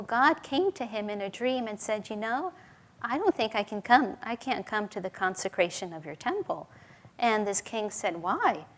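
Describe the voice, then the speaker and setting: Woman, middle-aged, spiritual teacher. Gentle, earnest devotional storytelling. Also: mid-range voice.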